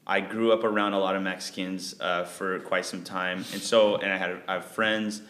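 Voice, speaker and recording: A man's voice: low-pitched, flat delivery, normal speed, a bit bright, roomy sound. A man in a casual podcast chat, telling anecdotes with fillers.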